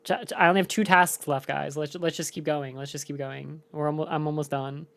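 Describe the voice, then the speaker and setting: A laid-back woman co-streamer talking casually to chat, full of "dude" and "like". Her voice sits very low for a woman. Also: steady tone, fairly quick, creaky.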